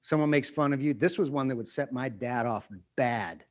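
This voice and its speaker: A pastor teaches in an animated sermon, acting out everyday scenes and frequently asking his listeners questions. He has a mid-range voice and a moderate pace.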